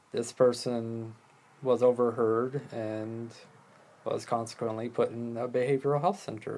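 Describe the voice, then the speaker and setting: A man with a medium-pitched, slightly mellow voice hosts his own podcast solo, talking casually about listening skills. He rambles loosely, swears a lot and makes jokes at his own expense.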